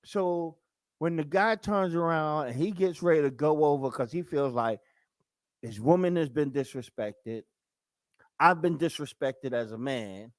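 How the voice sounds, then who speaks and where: A man speaking hosts a live talk show, chatting casually with his viewers. His voice sits a little high and he acts out quick bits of dialogue. The sound is dry and close. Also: dry recording. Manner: conversational, acts out quick quoted voices, repeats himself. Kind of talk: casual live-stream commentary.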